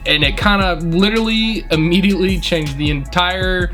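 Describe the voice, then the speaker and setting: A man's voice: high-pitched, moderate pace, pushed and bright, faint music behind. Indignant young man telling a story. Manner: indignant, blunt, swears freely. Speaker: restaurant manager. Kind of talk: casual storytelling.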